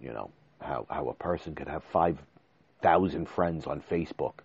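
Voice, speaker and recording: A man's voice: a bass voice, moderate pace, vocal fry, slightly rough, no echo, lo-fi sound. A man in his forties hosting a podcast, talking to listeners in an emotional, rambling way and restarting his words. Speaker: podcast host. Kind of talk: casual monologue. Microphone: desk microphone.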